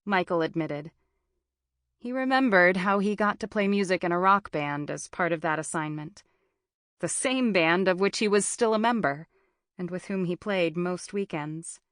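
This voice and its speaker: A woman narrating a thriller audiobook in a slow, deliberate way. Her voice sits a little low and the delivery stays measured and even. The close studio recording is dry, with no room sound. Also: no echo. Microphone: close studio mic.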